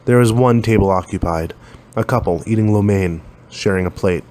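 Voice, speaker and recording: A man's voice: fairly low pitch, normal speed, darkish tone. A man reading a science fiction story aloud, lifting his voice a little for the dialogue. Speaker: narrator.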